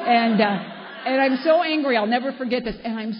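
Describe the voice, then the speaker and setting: A woman's voice: a little high, fairly quick. An older woman from Southern California telling a candid, wry personal story to a meeting audience. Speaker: speaker at a recovery meeting. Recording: echoey hall, dull lo-fi sound, faint noise.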